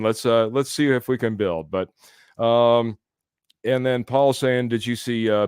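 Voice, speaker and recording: A man's voice: fairly low pitch, clean tone, dry recording, clean studio sound. A man hosting a live sports podcast, chatting casually, reading viewer comments aloud and laughing often. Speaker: podcast host.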